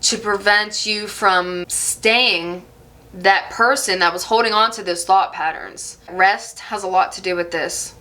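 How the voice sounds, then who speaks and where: A woman giving an intuitive tarot reading straight to her viewers, gentle and affirming, with soft laughs now and then. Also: medium pitch. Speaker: tarot reader.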